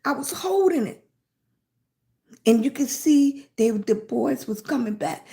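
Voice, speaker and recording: A woman telling a childhood story on a live stream, animated, repeating phrases and filling pauses with mm-hmm. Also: a little high. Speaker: lifestyle blogger on a livestream.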